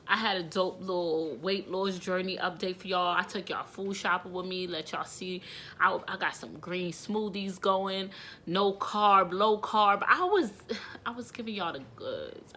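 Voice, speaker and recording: A young woman speaks to her camera in an unscripted vlog with a bright, forceful voice. She rambles and gets emotional, dropping to hushed asides before bursting out loudly. Faint noise sits under her speech. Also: on the low side, unhurried. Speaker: vlogger and mother. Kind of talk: candid talking-to-camera vlog.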